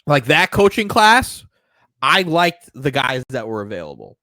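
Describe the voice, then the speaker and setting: A man's voice: mid-range voice, measured pace, dry recording. A man co-hosting a sports podcast, ranting casually and swearing often. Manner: profane, animated ranting. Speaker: podcast co-host.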